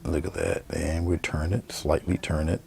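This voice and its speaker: A man giving a painting demonstration, talking through each brushstroke in a relaxed, murmured way. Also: rumbling low, normal speed, vocal fry. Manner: relaxed, murmured step-by-step commentary while painting. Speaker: painting instructor.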